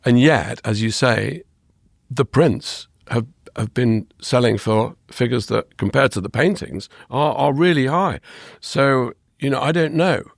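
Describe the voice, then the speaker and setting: Gravelly-voiced man, eager and rambling. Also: mid-range voice, a little slow, no room sound, clean studio sound. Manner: enthusiastic, rambling with frequent restarts. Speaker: guest, art historian and author. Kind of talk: conversational interview.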